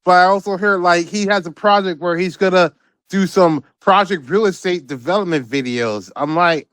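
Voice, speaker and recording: A man with a high voice rants about the news as a podcast co-host. His talk is profane and rambling, full of repeated words, and his voice sounds close and dry. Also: moderate pace, a bit bright, clean tone, no room sound. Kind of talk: casual political commentary.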